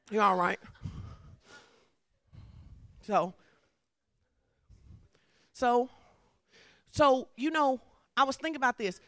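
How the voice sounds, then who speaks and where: A woman's voice: on the high side, fairly bright tone, no room sound. A woman preacher, delivering a sermon in a conversational style that builds to fervent emphasis.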